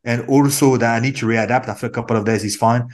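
A man with a French accent talks through his answers in a casual interview. His voice sits at a medium pitch, and he often stops with an "um" to find the right words. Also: fairly even intonation. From France. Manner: thoughtful, pauses with fillers, mimics other voices. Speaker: actor guest.

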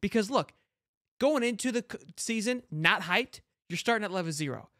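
Podcast host, male, fairly high voice, brash hype-man delivery full of restarts, dry close mic. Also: expressive, normal speed, bright, forceful tone, no echo. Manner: brash hype talk, swears, lots of "like" and restarts. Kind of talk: fired-up fan commentary, casual chat.

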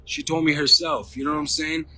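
A man delivering a profane, insulting livestream rant in fast bursts. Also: on the high side, big pitch swings, vocal fry, pushed and bright, slight background noise.

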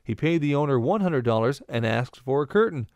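A man's voice: mid-range voice, animated, a little fast, a little mellow, no echo. Man reading bar tricks and jokes. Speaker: bartending instructor. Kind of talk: scripted instructional narration.

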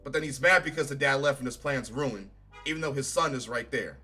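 A man's voice: mid-range voice, a little fast, sharp tone, breathy edge. A man giving a casual reaction review of a show, profane, sarcastic and exasperated. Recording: faint music behind.

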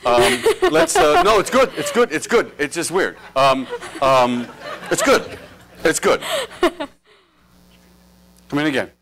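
A man's voice: on the high side, big pitch swings, takes it slowly, creaky, long pauses, fairly bright tone, a little hiss or hum. A middle-aged man coaching actors at a live workshop, joking, laughing and firing off asides. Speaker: acting teacher. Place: workshop stage before audience.

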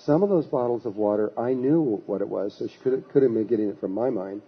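A man, a spiritual teacher, telling a story in a halting way with frequent restarts in a husky voice. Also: lowish voice, lo-fi sound. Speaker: spiritual teacher giving a talk. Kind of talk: anecdotal storytelling talk.

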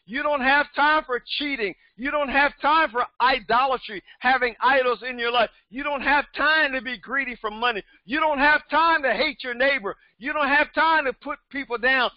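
A man in his seventies, a pastor preaching a sermon with emphatic repetition that rises to shouts. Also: very high voice, moderate pace, hardly any pauses, no room sound. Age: 70s. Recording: dull, dry recording.

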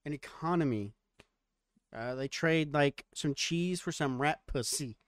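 A man's voice: a little high, a little slow, a crowd in the background. A man hosting a podcast, reading out facts in casual chat and laughing often between crude jokes. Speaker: podcast host.

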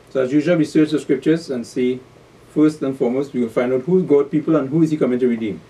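A man teaching a scripture class. He reads verses aloud slowly and then explains them, repeating key words and asking fill-in questions like "the what?". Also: mid-range voice, dark tone, recorded from a distance.

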